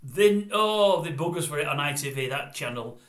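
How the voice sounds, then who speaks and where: A man's voice: on the high side, expressive, normal speed. Blunt grumbling older man. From Britain. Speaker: vlogger. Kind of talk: opinionated monologue to camera. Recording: roomy echo.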